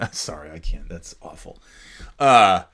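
A man's voice: deep voice, animated, slow pace, a bit bright. A man hosting a casual solo podcast, rambling through his thoughts with frequent restarts, swearing and chuckles. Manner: chuckles often between phrases. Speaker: podcast host.

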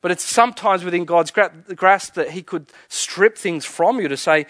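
A man preaching a sermon as pastor, earnest, often chuckling and sinking to a hushed, soft delivery. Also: a little high, normal speed, hardly any pauses, dry recording.

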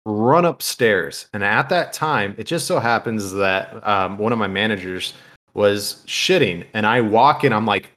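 A man with a low voice tells rowdy personal stories on a podcast. He swears freely and laughs as he talks. The delivery is loose and casual. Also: a little slow, a bit bright. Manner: crude, profane, laughing while telling. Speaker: podcast co-host. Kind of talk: casual storytelling.

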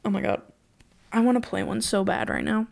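A woman's voice: mid-range voice, very animated, a little fast, vocal fry. A teenage girl hosting her own podcast, chatting casually and gushing with lots of exclamations. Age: teens. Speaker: podcast host. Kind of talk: casual solo chat.

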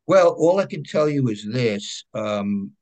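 A man with a New York accent, a guest telling lively anecdotes in a casual interview and often checking in with "right?". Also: medium pitch, unhurried. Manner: animated anecdotes, frequent "right?" check-ins. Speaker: guest, comic book creator.

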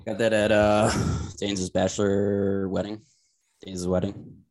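A man co-hosting a podcast, talking casually with halting speech and many uhs. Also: fairly low pitch, little pitch movement, a little mellow. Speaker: podcast co-host. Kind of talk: casual crude comedy chat.

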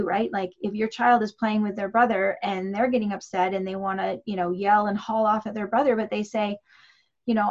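A woman's voice: medium pitch, vocal fry. A woman parenting coach giving advice in a chatty way, full of fillers and restarts. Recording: dull lo-fi audio.

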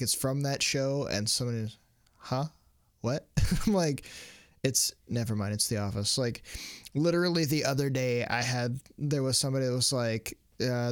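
A man co-hosting a podcast in casual chat, telling stories in a playful, animated way. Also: mid-range voice, smooth, dry recording, clean studio sound. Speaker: podcast co-host.

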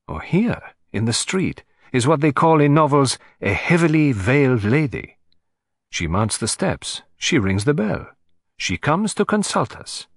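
A fussy, vain old Belgian detective, voiced by a male audiobook reader with a precise, self-satisfied way of speaking. His delivery swings lively up and down, with a slightly husky edge, recorded close and dry. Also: medium pitch, unhurried, dry recording, voice pushed up. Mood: curious. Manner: precise, self-satisfied, drops French phrases. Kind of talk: audiobook character reading.

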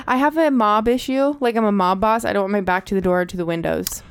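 Woman co-host, giddy, chatty, smooth clear voice, dry close sound. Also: mid-range voice, fast, no room sound. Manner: giddy, chatty, laughs often. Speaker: podcast co-host. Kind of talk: casual chat. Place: small recording room.

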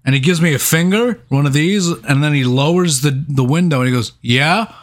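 A man's voice: on the high side, fairly quick. Profane man telling a story. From New York. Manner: profane, animated anecdote with laughs. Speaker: podcast co-host. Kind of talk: casual storytelling chat.

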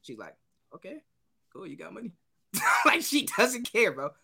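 A man's voice: high-pitched, measured pace, creaky, slightly rough. A man co-hosting a casual podcast, telling a story with acted-out quotes and frequent laughter. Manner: animated storytelling, acts out quotes, laughs often. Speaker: podcast co-host.

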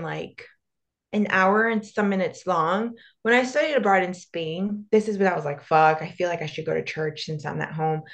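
Young woman cohosting a podcast, blunt and sarcastic, swears a lot, mid pitch. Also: fairly bright tone. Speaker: podcast co-host. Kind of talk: casual chat.

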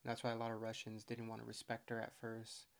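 A man's voice: lowish voice, completely flat delivery, fairly quick, creaky. A young man co-hosting a casual podcast, reading notes aloud and rambling, stumbling over words now and then. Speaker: podcast co-host. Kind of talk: casual chat.

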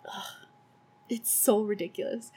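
A woman's voice: medium pitch, fairly even intonation, a little slow, warm tone, slightly rough, soft background music. A young woman hosting a podcast, recapping a film in a casual, sarcastic, profane way with laughing asides. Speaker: podcast host.

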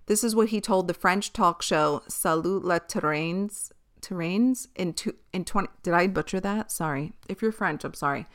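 A woman's voice: on the low side, normal speed. A young woman hosting a casual solo podcast, chatty and candid, swearing and laughing easily. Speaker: podcast host.

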